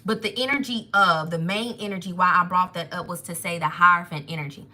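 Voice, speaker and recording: Speaking fairly quickly in a lowish register, a woman tarot reader delivers a live spiritual reading with bright, forceful energy. She's emotional and digressive, repeatedly stopping to follow whatever new idea comes up.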